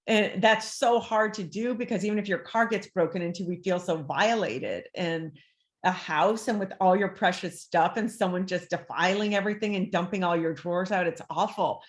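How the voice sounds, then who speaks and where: A woman with a fairly low voice speaks at normal speed as a life coach guesting on an interview. She's animated and conversational, acting out the voices she quotes.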